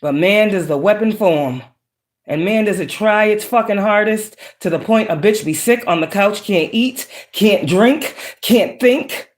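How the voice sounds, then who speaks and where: A woman's voice: mid-range voice, a little slow. A woman giving a profane, emphatic, preachy casual monologue as a psychic tarot reader. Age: adult with children.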